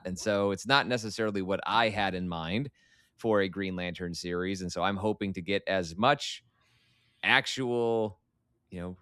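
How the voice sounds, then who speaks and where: Male guest, low and smooth, close and dry, talks in thought-out arguments. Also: a bit bright, no echo. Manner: analytical, opinionated, builds arguments. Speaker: podcast guest. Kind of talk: casual podcast chat.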